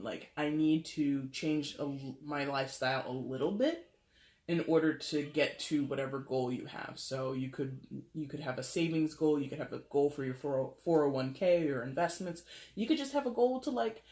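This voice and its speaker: A woman's voice: deep voice, darkish tone. Chatty lady doing a tarot reading into her camera, lots of likes and ums, roomy sound. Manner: chatty and rambling, with filler words and frequent laughs. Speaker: tarot reader. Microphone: camera mic. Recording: roomy echo.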